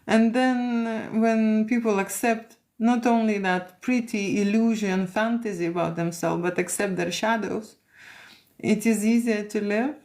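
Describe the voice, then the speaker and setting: Slow-talking Lithuanian-accented woman. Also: mid-range voice, steady tone, darkish tone. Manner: slow, repetitive, with frequent "okay?" and "you know" fillers. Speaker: photographer hosting a livestream. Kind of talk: casual livestream chat reading comments.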